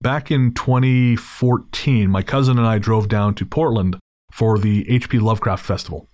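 A man's voice: lowish voice, normal speed, a little mellow, no echo, clean studio sound. A man hosting a podcast, telling a story in a casual, wry and digressive way, with frequent restarts. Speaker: podcast host.

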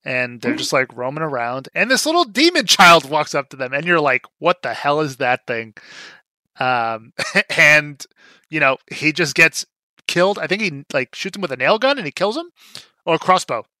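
Young male podcast co-host, bright sharp tone, dry booth sound, easygoing recap delivery. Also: a little high, moderate pace, no echo. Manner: relaxed, lots of fillers, animated when retelling scenes. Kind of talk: casual movie recap chat.

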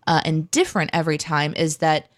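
A woman's voice: sits low, brisk. A woman co-hosting a podcast in casual chat, talking animatedly and laughing often. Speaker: co-host.

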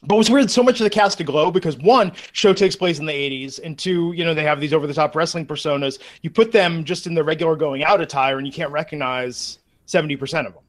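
Slightly high-voiced podcast host man. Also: quick pace, hardly any pauses. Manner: conversational, steering topics, fillers. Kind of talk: casual chat.

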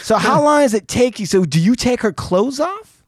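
A man's voice: very high-pitched, expressive, moderate pace, no echo, studio quality. A man hosting a rowdy podcast chat, prodding and egging on his guest with blunt questions. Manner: prodding interviewer who eggs the guest on. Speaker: podcast host.

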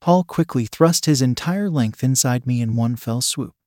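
A man reading an explicit story aloud in the first person, in a steady, unhurried way on a close mic. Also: mid-range voice, no room sound.

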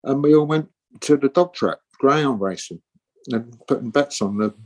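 Expressive and mid-range, speaking at a normal speed, the voice belongs to a man in his sixties. He's a musician guest in a casual interview, rambling through stories and imitating the people he quotes.

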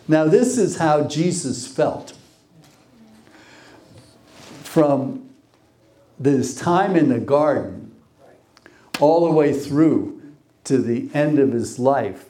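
A man's voice: on the high side, lively intonation, slow, warm tone. A man preaching a sermon, who reads scripture aloud, repeats phrases for emphasis and asks the congregation questions.

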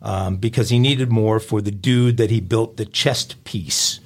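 A man co-hosting a crime news podcast, reading headlines and quotes aloud and adding wry, deadpan remarks. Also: fairly low pitch, unhurried. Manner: wry, deadpan commentary between quoted passages. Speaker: podcast co-host.

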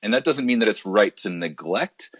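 Low husky-voiced man, pastor talking. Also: normal speed, no room sound. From Canada. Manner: relaxed, thoughtful, many restarts. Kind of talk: casual podcast conversation.

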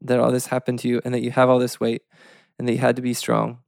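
Earnest halting man, gravelly and dry. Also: medium pitch, completely flat delivery, darkish tone, no room sound. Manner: earnest and halting, many restarts. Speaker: podcast co-host. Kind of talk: reflective interview talk.

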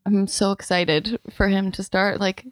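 A woman's voice: medium pitch, little pitch movement, unhurried, no room sound. A woman hosting a podcast, talking in a reflective, easygoing way in casual conversation. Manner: reflective and easygoing, laughs along. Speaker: podcast host.

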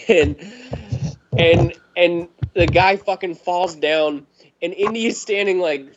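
A man in casual podcast chat, telling a story in a lively, profane way and laughing often. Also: high-pitched, slow, background noise. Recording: dull lo-fi recording.

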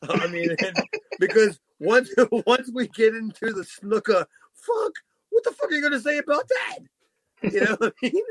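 A man with a high-pitched voice chats loosely through a wrestling review, restarting sentences and laughing often. The sound is dry and close, with no room around it. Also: sing-song, unhurried, no room sound. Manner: rambling, laughs often, swears casually. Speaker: podcast host. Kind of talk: casual wrestling review chat.

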